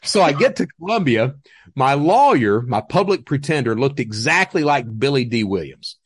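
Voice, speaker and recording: A man's voice: medium pitch, sing-song, moderate pace, breathy edge, dry recording, clean studio sound. A man guest telling his story in a casual, profane, laughing way. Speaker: interview guest.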